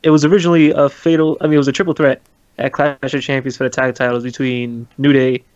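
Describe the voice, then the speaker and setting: A man's voice: medium pitch, level tone, fast talker, a little mellow, dull audio. A man casually chatting about wrestling as a podcast co-host, laughing often and swearing casually.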